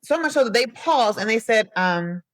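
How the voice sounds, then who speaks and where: A woman's voice: a little high, moderate pace, no room sound. A young woman hosting a solo podcast, chatting animatedly to her listeners and telling stories from her own life. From US Midwest. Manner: chatty, animated storytelling, addresses listeners as y'all. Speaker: podcast host.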